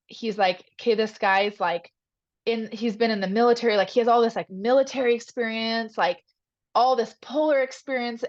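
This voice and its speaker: A woman's voice: mid-range voice, muffled recording. A woman hosting a team call, retelling an inspiring story with many "like"s, talking to the group as "you guys".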